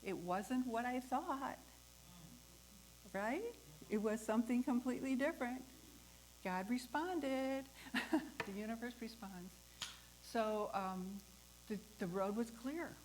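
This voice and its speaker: A woman hosting a talk, telling a personal story in a lively way, acting out the voices of the people in it and laughing often. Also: on the high side, slow pace, pauses often, a little hiss or hum, low-quality recording. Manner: animated, acts out the voices in her story. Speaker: host.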